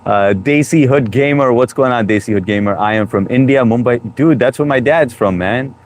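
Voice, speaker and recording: A man's voice: medium pitch, normal speed, darkish tone, slight background noise. A man hosting a casual live stream, joking around and greeting viewers by name as he reads their comments. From United States. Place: home room, New York.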